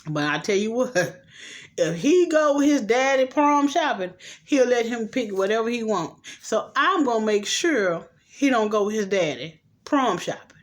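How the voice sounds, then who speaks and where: A middle-aged woman casually recapping a TV episode, acting out the characters' lines with slangy, animated asides. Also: on the high side, unhurried. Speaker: show recap host.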